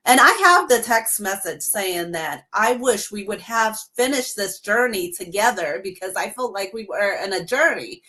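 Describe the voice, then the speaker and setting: A woman's voice: mid-range voice, lively intonation, normal speed, hardly any pauses, sharp tone. A woman telling her story in a casual live stream, quoting the people she dealt with. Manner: emphatic, recounts dialogue in quotes. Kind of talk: casual spoken testimony.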